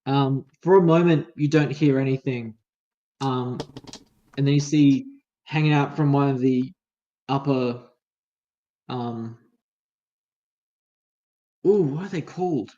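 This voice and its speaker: A man's voice: mid-range voice, slow pace, pauses often, mellow, highs cut off. A man running a tabletop game as game master, narrating casually and hesitantly with many fillers.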